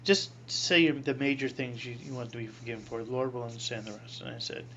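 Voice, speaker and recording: A man in his sixties, a priest, telling a personal story in an interview, animated, acting out voices and laughing often. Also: medium pitch, fast, lo-fi sound, slight background noise.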